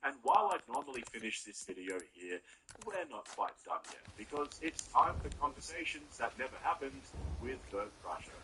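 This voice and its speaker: A man's voice: mid-range voice, lively intonation, moderate pace. Sarcastic man narrating commentary, noisy. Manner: sarcastic, mocking. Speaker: commentary video host.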